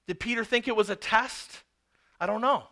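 A man delivers a sermon in a high, bright voice. He tells the story with animated emphasis and poses rhetorical questions to his listeners. His delivery is energetic. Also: normal speed. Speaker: preacher.

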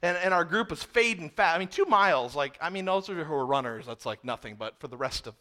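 A man, a pastor telling an animated story in a sermon. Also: a little high, fast. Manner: animated storyteller, often speeding up and acting out exchanges.

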